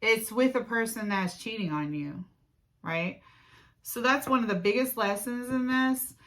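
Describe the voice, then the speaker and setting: Middle-aged woman, casual storytime host, dry throat, keeps clearing it, sharp bright tone. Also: fairly high pitch, a little slow, rough recording. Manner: animated retelling, frequent throat clearing.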